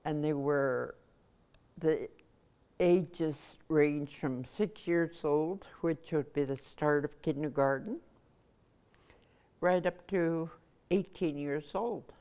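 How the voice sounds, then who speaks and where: Older woman, low voice, unhurried, smooth clear tone, pausing recollection. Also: dark tone. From Nunavut, Canada. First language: Inuktitut. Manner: measured, pausing between phrases. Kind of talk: personal recollection.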